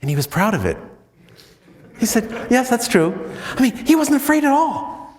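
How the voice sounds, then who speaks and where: An American man, a priest, telling stories in a chatty, self-mocking retreat talk full of "you know"s, and often breaking into animated high swoops. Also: normal speed, in a large hall. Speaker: priest giving a spiritual talk.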